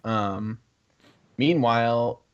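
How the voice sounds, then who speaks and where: A man playing a tabletop game on a podcast, recapping in a hesitant, casual way with soft laughs. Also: mid-range voice, very slow, smooth, muffled recording. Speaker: player.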